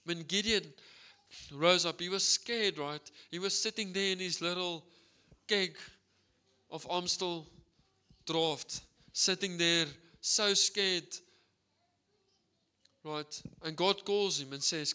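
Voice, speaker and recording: A South African man preaching with lively, animated storytelling, checking in with the listeners as he goes. His voice is bright and slightly high, with a clean, resonant tone. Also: slow, pauses often, smooth. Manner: energetic, animated storytelling with frequent "right?". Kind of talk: sermon.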